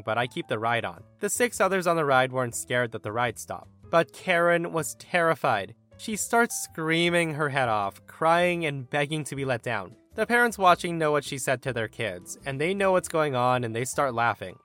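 A man hosting a podcast, reading internet stories aloud in an animated, expressive way with his own comments. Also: fairly high pitch, normal speed, few pauses, soft background music. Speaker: story narrator and podcast host.

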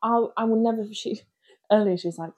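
Husky woman laughing through stories. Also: fairly high pitch, brisk. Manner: laughs often, animated storytelling. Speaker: podcast co-host. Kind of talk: casual chat.

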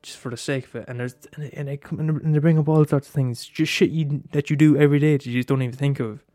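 A man's voice: fairly high pitch, steady tone, fast, warm tone, dry recording, faint music behind. A man in a rambling casual monologue, swearing often and restarting his sentences.

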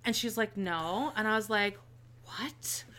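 A woman telling a story in casual chat, animated and swearing freely, acting out everyone she quotes. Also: mid-range voice, normal speed.

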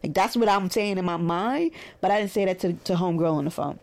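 A woman with a Brooklyn accent, a therapist in private practice, telling a story in a casual monologue and animatedly acting out quoted dialogue. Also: fairly quick. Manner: animated, acts out quoted dialogue with rising pitch.

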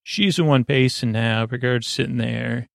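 A man hosting a sleep podcast, casually retelling a story in a slow, meandering way full of filler words. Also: vocal fry, dry recording, studio quality. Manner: meandering, many uh fillers and 'he goes'; slow, low-key delivery. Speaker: podcast host. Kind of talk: rambling sleep-podcast episode recap.

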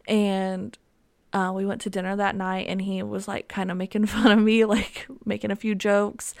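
In a clean studio recording without room sound, a young woman with a mid-range, somewhat dark but clean-toned voice hosts her podcast. She tells a story casually and solo, wandering off track and peppering it with ums and likes.

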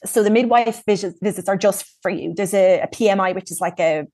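A woman talks openly as a guest in a relaxed conversation. Her voice sits at an ordinary mid pitch. She pauses often with ums and likes as she reflects. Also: dry recording. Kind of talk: casual personal storytelling in conversation.

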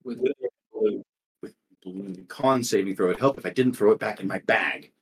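A man running a tabletop game as guest game master, playful and animated. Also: lowish voice, fairly quick, breathy edge.

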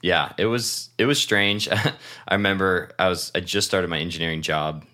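A young man from Washington state co-hosts a podcast with a very deep voice that still has a bright, forceful edge. He rambles through stories in casual chat, laughing often and swearing without a second thought. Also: normal speed. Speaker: podcast co-host.

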